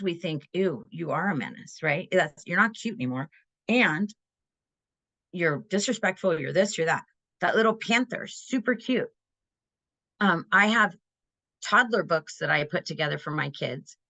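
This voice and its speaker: A woman's voice: fairly low pitch, a bit bright. A middle-aged woman giving a parenting webinar, talking in an earnest, conversational way and often checking in with "right?". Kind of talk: webinar presentation.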